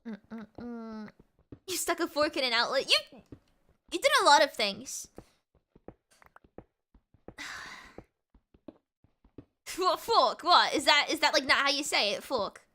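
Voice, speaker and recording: A woman's voice: sits high, lively intonation, unhurried, long pauses, pushed and bright. A woman VTuber streamer chatting casually and playfully while gaming, rambling from one thought to the next.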